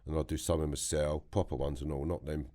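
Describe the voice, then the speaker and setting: Deep-voiced blunt London man. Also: fairly even intonation, quick pace, warm tone. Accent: London English. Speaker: podcast guest. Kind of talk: blunt storytelling in conversation. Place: podcast studio.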